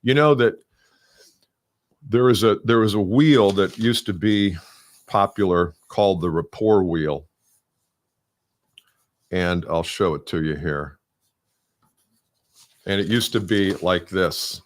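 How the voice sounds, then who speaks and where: A man's voice: sits low, slow, long pauses. A middle-aged man coaching salespeople in a conversational, emphatic solo talk.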